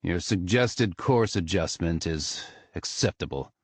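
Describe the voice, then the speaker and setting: Man playing a gruff, stiff alien lieutenant. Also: deep voice, expressive, measured pace, no echo, exaggerated voice. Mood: stern. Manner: gruff, formal.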